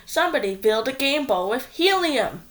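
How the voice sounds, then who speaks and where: A woman doing a shrill, shouting sports fan. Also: very animated, brisk. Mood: excited. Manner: loud, high, shouting. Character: excited shouting fan in the bleachers.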